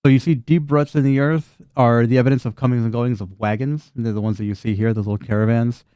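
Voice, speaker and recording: A man runs a tabletop game in an average-pitched voice, recorded dry with little room sound. He keeps breaking into laughter and swears casually as he narrates the chaos. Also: quick pace, smooth, no echo. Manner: laughs often, swears freely, animated voices for scenes. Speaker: game master.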